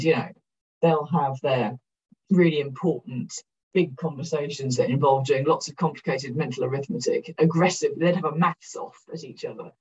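Woman, Welsh accent, middle-aged, blunt self-mocking keynote speaker, husky, muffled recording. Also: deep voice, recorded from a distance. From South Wales. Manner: frank and energetic, swears casually, self-deprecating. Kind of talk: candid conference talk. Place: conference room.

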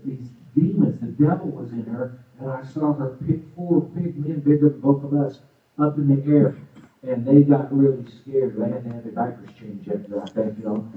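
A man telling his own testimony in a sermon, storytelling with lots of energy and acting out the quotes. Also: mid-range voice. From Arizona, USA. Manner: animated storytelling with acted-out quotes. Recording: echoey far-off phone-like sound.

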